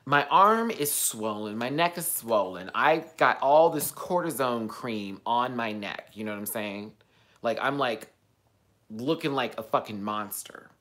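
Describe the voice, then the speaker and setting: Sassy animated man ranting. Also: a little slow. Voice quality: animated, sassy, profane, swings between loud outbursts and low asides. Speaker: vlogger. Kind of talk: casual storytelling rant.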